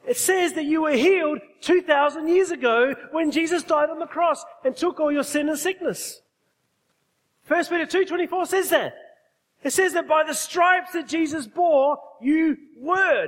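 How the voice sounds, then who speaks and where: A man's voice: very high-pitched, a bit bright, big-room sound. A man preaching a sermon, emphatic, often putting questions to his congregation. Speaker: pastor.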